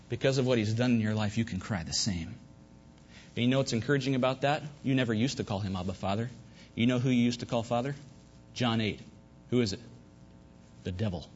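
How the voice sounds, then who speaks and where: A man preaching a sermon at a church service, fervent, swinging between loud emphasis and hushed asides. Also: medium pitch, a little hiss or hum. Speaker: pastor. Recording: dull lo-fi recording.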